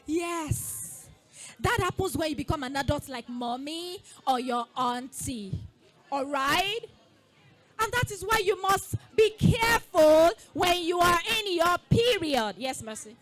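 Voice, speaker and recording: A woman giving a lively call-and-response talk to a group of girls, coaxing them to repeat after her. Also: very high voice, takes it slowly, faint music behind. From Nigeria. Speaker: school founder speaking to girls. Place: festival event space.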